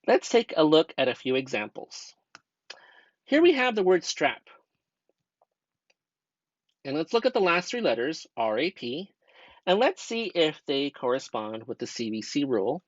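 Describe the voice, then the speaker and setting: Young man, student teacher, grammar lesson, patient step-by-step, lively pitch, dry dull lo-fi voice-over. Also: unhurried, long pauses, dry recording. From United States. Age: young adult. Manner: patient, step-by-step teacher talk with rhetorical questions.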